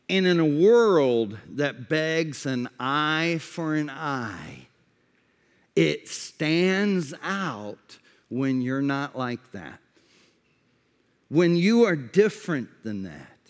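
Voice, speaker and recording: A male pastor delivers a sermon in a high voice and at an unhurried pace. He repeats his key phrases and drops to a quieter tone to drive a point home. A long reverb trails each line, as if from a large hall.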